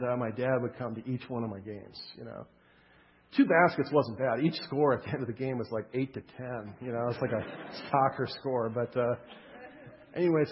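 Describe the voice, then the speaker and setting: A man's voice: mid-range voice, slight background noise. A man preaching a sermon, in a loose, conversational way with humorous storytelling. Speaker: pastor. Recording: muffled with long hall reverb.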